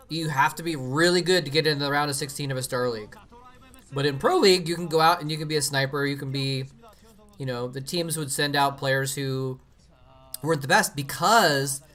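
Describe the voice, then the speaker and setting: A man's voice: fairly high pitch, fairly bright tone. A man casually commenting on an old match during a live stream, rambling with many fillers and restarts.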